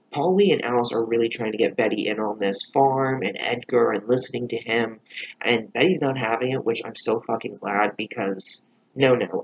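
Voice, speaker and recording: A man's voice: medium pitch, slightly rough, muffled recording. A man reviewing a TV episode in a casual vlog, rambling with lots of "like" and frequent swearing.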